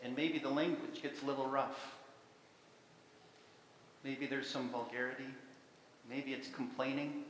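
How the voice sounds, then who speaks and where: A man's voice: medium pitch, steady tone, unhurried, long pauses, a little hiss or hum. A man preaching a sermon as pastor, talking earnestly and using many rhetorical questions. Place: church sanctuary. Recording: echoey church sanctuary with long reverb.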